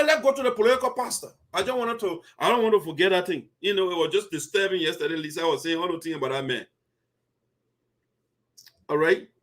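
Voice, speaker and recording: A man with a Liberian English accent hosting a community commentary show, talking in a casual, animated and indignant way with frequent laughter. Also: high-pitched. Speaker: host of diaspora community show.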